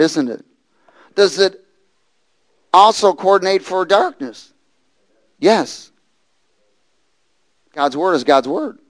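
A man preaching a sermon who moves from hushed storytelling to loud, fervent bursts and repeats phrases for emphasis. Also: a little high, animated, slow, long pauses. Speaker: pastor.

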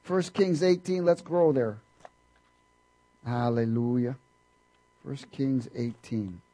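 A man preaching a sermon, reading scripture aloud and breaking in with fervent asides and hallelujahs, swinging from loud bursts down to quiet murmurs. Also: mid-range voice, slow. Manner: frequent "hallelujah" interjections.

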